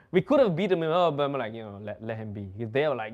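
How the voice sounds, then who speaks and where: Over lo-fi sound, a young host from the Netherlands talks fast in a highish voice. His casual chat is full of loose, animated storytelling, laughter, and cursing.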